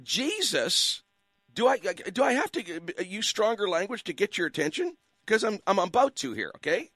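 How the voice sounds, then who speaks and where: A radio talk show host delivers impassioned call-in commentary, preachy and fired up, hammering his listeners with one rhetorical question after another. His voice is high for a man, a bit bright, and swings widely in pitch at a moderate pace. The audio is dry and close off a studio mic, with no echo.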